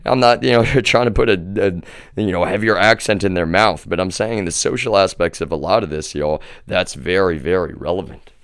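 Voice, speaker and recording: A young man talks to his livestream viewers in a loose, rambling monologue. His voice sits a bit low and sounds smooth. He is close to the mic in a dry, dead room. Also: moderate pace, a bit bright, no room sound. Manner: rambling, addresses viewers as "y'all", restarts often. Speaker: livestream host.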